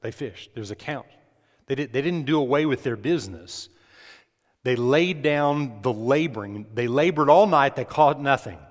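A man's voice: medium pitch, animated, normal speed. Preaching man in a reverberant hall. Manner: emphatic preaching, asks the congregation questions. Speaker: pastor. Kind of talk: sermon.

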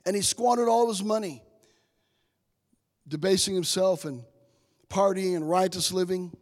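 Impassioned high-voiced preacher. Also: male voice, moderate pace, long reverb tail. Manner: impassioned, swells from soft to loud; addresses the congregation directly. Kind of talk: sermon.

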